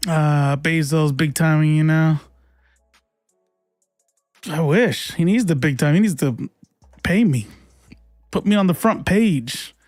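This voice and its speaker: A man's voice: a little high, slow pace, pauses often, darkish tone, no room sound, clean studio sound, faint music behind. A young adult man hosting a casual livestream, chatty and laughing as he fumbles with his stream settings and swears now and then. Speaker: livestream host.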